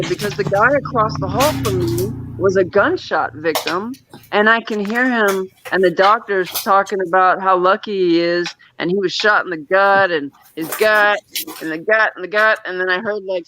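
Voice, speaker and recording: A man's voice: high-pitched, normal speed, sharp tone, a little hiss or hum. A man casually telling a long personal story as a guest, rambling with frequent restarts and nervous little laughs. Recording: dull, lo-fi sound.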